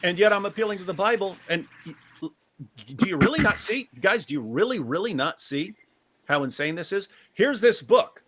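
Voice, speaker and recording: His voice sits high and a bit bright, animated at a moderate pace, as he co-hosts a show reviewing debates. The commentary is casual and sarcastic, with over-the-top mimicry of the other side and emphatic, repeated phrases when he builds an argument.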